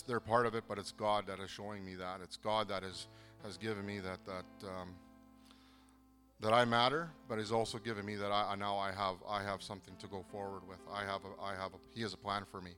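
A man from southern Manitoba gives a personal faith testimony, earnest and halting, with many pauses and restarts. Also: on the low side, a bit bright, big-room sound. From southern Manitoba, Canada. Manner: earnest, moved. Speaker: program participant giving testimony.

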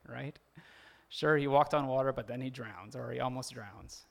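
Creaky-voiced man preaching casually. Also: fairly high pitch, normal speed, a bit bright. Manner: conversational, laughs often, acts out quotes. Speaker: pastor. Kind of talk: sermon.

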